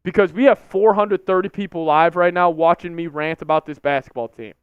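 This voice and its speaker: High-voiced man ranting on a live stream. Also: brisk, smooth, no echo. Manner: frustrated, repetitive ranting. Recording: slightly dull lo-fi stream audio.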